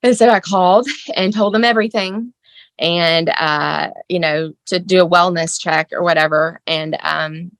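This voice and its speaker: A middle-aged woman telling the story of her son's crisis as a mother, shaken and halting, with many fillers. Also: fairly low pitch, fairly even intonation, fairly bright tone, dry recording. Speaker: mother of a teen son. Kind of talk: emotional personal account.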